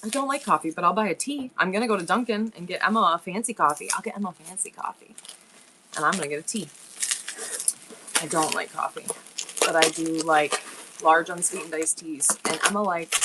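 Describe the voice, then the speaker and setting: A woman's voice: low-pitched, noisy background. A young woman chatting casually and rambling on a livestream from her home. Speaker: live seller.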